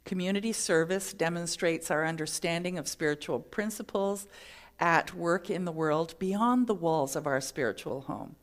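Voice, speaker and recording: A middle-aged woman minister giving a sermon, telling stories and acting out the voices in them. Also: lowish voice. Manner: storytelling, acts out quoted voices.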